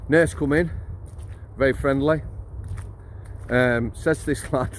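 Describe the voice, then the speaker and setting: A man's voice: mid-range voice, fairly even intonation, takes it slowly, pauses often, slight background noise. Blunt, jokey man. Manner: chatty, blunt and jokey, laughs mid-story, addresses viewers as guys. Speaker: former prison officer telling stories. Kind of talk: casual storytelling to camera.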